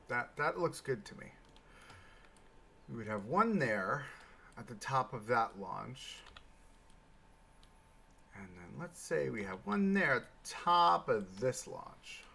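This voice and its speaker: Male livestream host, gravelly bright voice, unhurried chatty commentary while building. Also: mid-range voice. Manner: thinks aloud, chatty, bursts of excitement. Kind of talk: casual live gameplay commentary.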